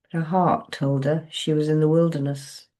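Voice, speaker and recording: A woman author reading her own novel aloud in a measured, low-key way. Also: level tone, dark tone.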